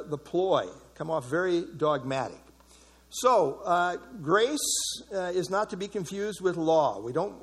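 Man, church Bible study leader, conversational, thinks out loud, husky tone. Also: high voice. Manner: conversational, mulling verses aloud and asking the group.

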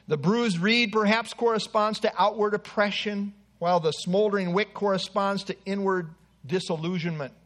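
A man's voice: sits high, fairly bright tone. A man preaching an earnest expository sermon with asides to the congregation.

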